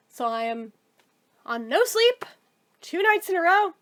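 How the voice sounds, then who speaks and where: A woman telling a casual storytime monologue to camera, animated and exasperated, with frequent swearing. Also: very high-pitched, measured pace. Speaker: storytelling YouTuber.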